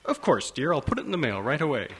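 A man's voice: fairly high pitch, sing-song, quick pace, husky, voice pushed up. A man voicing an elderly mother who speaks in a chipper, sing-song voice. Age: older.

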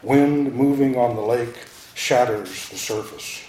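A man reading poetry aloud in a slow, incantatory, dramatic way. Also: medium pitch, warm tone, slight background noise. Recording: roomy echo.

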